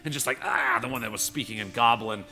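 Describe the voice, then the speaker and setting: Bright-voiced male game master. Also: medium pitch, fast talker, soft background music. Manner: rambling, filler-heavy storytelling. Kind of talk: narrating a tabletop game.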